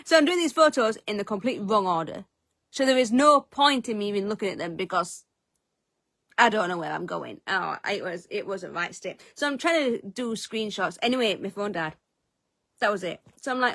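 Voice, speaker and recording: A woman's voice: mid-range voice, lively intonation, moderate pace, fairly bright tone, dry recording. A woman telling a story as a vlogger in casual chat, self-mocking and swearing freely. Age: adult, eldest of three siblings.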